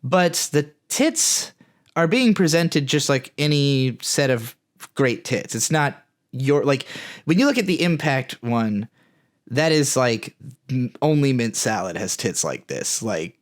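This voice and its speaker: A man's voice: mid-range voice, expressive, slow. Rambling, frank man on a podcast. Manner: rambling, frank, with many fillers and restarts. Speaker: podcast co-host. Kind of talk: casual chat.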